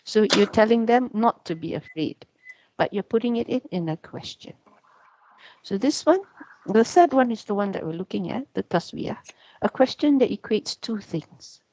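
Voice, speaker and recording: A woman's voice: mid-range voice, expressive, moderate pace, darkish tone, a little hiss or hum. A woman teacher giving a casual lecture on Arabic grammar, chatty and full of "yeah" and "you know" fillers. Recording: dull, muffled sound.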